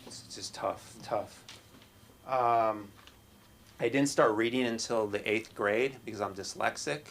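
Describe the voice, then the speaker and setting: A middle-aged man doing a stand-up set at an open mic in a small comedy club, with a halting, self-deprecating delivery full of restarts. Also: lowish voice, gravelly, fairly bright tone.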